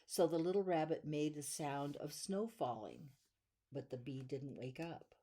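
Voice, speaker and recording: A woman reading a children's bedtime story aloud in a gentle, soothing way, drawing out the repeated lines. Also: deep voice, breathy edge. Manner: gentle, soothing, drawn-out repetitions.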